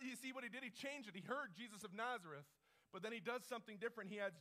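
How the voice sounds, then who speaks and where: A man preaching a sermon in a high voice, telling the story with conversational emphasis and repeating key phrases. His tone is forceful and bright. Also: fast talker. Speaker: pastor. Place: church service.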